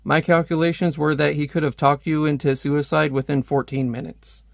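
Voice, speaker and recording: A man's voice: a little high, little pitch movement, normal speed, vocal fry, dry recording, clean studio sound. A man reading a comic's calculating supercomputer aloud in a clinical, matter-of-fact tone. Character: cold calculating male supercomputer.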